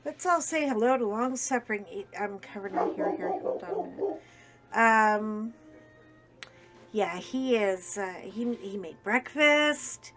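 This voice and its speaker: A woman's voice: fairly high pitch, lively intonation, measured pace. Woman, crafting vlogger, casual rambling chat, self-deprecating humor, faint background music.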